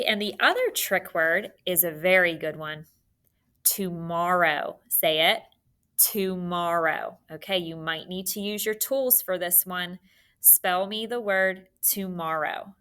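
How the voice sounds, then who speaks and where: A woman's voice: on the low side, sharp tone. A young woman teaching a spelling lesson by video, patient and encouraging, spelling words out letter by letter.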